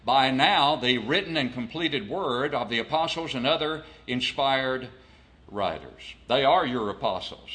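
A man preaching an expository sermon, reading scripture and explaining it in a deliberate way, with rhetorical questions to the congregation. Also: mid-range voice, pushed and bright.

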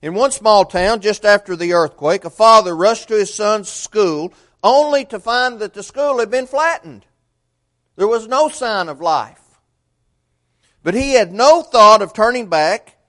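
A man preaching a sermon, telling a story earnestly and swinging between loud and hushed delivery. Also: high voice, expressive, unhurried.

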